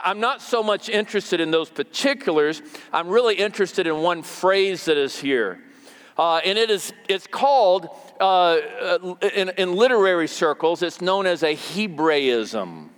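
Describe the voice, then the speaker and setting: A man's voice: a little high, a bit bright, big-room sound. A man preaching a sermon as pastor, conversational and repeating words for emphasis.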